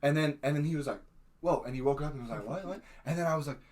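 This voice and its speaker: A young adult man telling a story in casual podcast chat, acting out quotes with sudden shouts. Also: mid-range voice, rapid-fire. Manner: many fillers and restarts, laughing. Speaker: podcast host.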